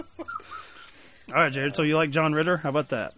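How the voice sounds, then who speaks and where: A man's voice: on the high side, wildly swooping pitch, measured pace, a crowd in the background. A man hosting a podcast, riffing in casual, profane banter with frequent laughs. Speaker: podcast host. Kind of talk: casual chat.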